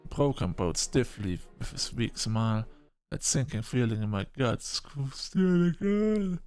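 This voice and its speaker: A man narrating a first-person science fiction story in an expressive manner, breaking off into short exclamations. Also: medium pitch, a little slow, faint music behind.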